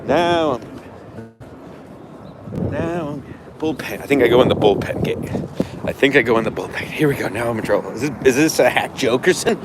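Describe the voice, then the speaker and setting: A man's voice: mid-range voice, animated, moderate pace, pauses often. A man hosting a walking livestream. He talks brashly, rants and boasts. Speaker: livestream host. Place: outdoors around a stadium. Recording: noisy outdoor street sound.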